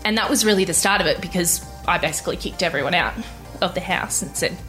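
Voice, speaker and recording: A young woman telling her personal story in an interview, candid and halting, with many restarts. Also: lowish voice, a bit bright, faint music behind. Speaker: interview guest.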